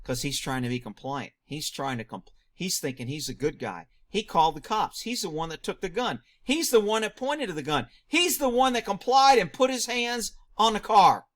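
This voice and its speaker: A man reacting to a news clip, firing off rhetorical questions, answering them himself and shouting mocking asides. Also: high-pitched, animated, normal speed, hardly any pauses. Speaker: video commentator; former police officer.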